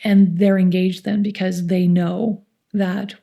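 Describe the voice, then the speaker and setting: A woman's voice: medium pitch, little pitch movement, slow pace, gravelly. A middle-aged woman with a Canadian accent, a youth community centre coordinator telling stories and acting out the voices of the people in them. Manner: warm anecdotal storytelling, acts out quoted voices. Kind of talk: storytelling interview.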